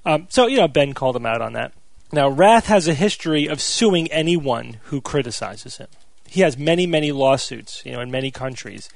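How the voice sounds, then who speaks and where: A man hosts a casual chat podcast, talking through the news in an unhurried, explanatory way. His voice has a gravelly edge to it. The recording is dry and close, with no room sound. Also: medium pitch, animated, no room sound. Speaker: podcast host.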